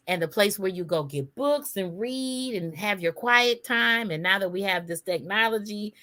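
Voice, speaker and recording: A woman's voice: medium pitch, pushed and bright. A woman co-hosting a casual podcast chat, emphatic and spelling words out letter by letter. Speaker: podcast co-host.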